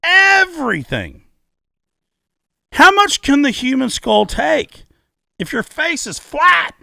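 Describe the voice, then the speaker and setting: A middle-aged man co-hosting a podcast, telling a story in a loud, profane way and repeating his key words for emphasis. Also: very high-pitched, big pitch swings, slow, vocal fry, no room sound, studio quality. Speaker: podcast co-host. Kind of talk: casual podcast chat. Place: podcast studio.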